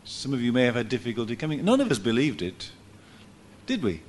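A man preaching a sermon in church, telling a story lively and acting out what people said. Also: medium pitch, fairly quick, a little hiss or hum. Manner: animated storytelling, acts out quotes with laughs.

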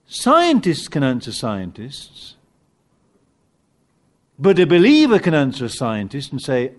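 A man preaching a sermon, animated and emphatic at times, with halting restarts as he searches for words. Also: sits high. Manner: animated, rising to emphatic peaks.

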